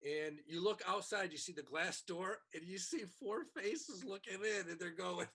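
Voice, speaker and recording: A man co-hosting a podcast, telling a comedy club story in a casual, animated way and acting out the people he quotes. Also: high-pitched, moderate pace, background noise.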